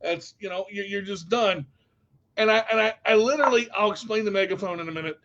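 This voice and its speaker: A man telling a story casually to camera as a vlogger, animated and jumping to loud outbursts when retelling panic. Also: high-pitched, fast, dull audio.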